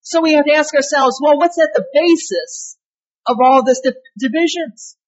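A woman's voice: high-pitched, moderate pace, dull audio. A woman pastor preaching a sermon in an emphatic way, stressing key words and asking rhetorical questions.

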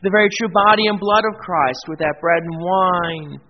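High-voiced pastor preaching in a hall. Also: male voice, normal speed. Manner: earnest preaching, swells in volume on scripture quotes; drops to a quiet, low aside for self-deprecating remarks. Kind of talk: sermon. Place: church. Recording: dull, lo-fi sound in a reverberant church hall with faint noise.

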